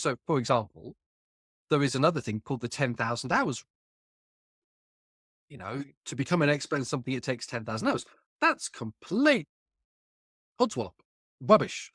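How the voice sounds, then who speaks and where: Man, guest author, emphatic and colloquial, slightly high voice, dry close sound. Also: fairly bright tone, husky, no room sound. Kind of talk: casual conversation.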